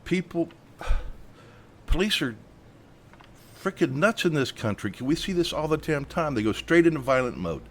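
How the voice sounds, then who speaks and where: A man's voice: fairly high pitch, sing-song, unhurried, slight background noise. A man hosting a news commentary, indignant and worked up. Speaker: host.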